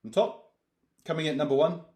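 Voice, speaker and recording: A man's voice: fairly high pitch, fairly quick, darkish tone. A man co-hosting a casual chat, with dry, teasing remarks. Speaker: co-host. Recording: roomy echo, faint noise.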